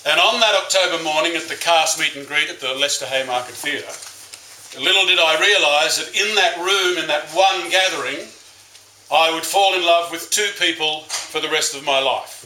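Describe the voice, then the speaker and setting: Bright man giving a best man's speech. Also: a little high, normal speed, slight background noise. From Australia. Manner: fond, storytelling speech with wry jokes. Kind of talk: wedding speech. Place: wedding reception room. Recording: echoey reception room.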